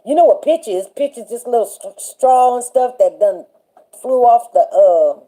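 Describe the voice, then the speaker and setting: A woman hosting a casual faith chat on a livestream, animated and chatty, laughing often and greeting viewers by name. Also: fairly high pitch, normal speed. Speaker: livestream show host.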